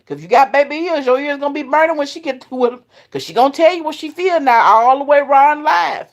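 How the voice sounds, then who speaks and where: A woman's voice: high voice, lively intonation, fast talker. A woman hosting a casual live chat, talking straight to her viewers and laughing often. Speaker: live stream host.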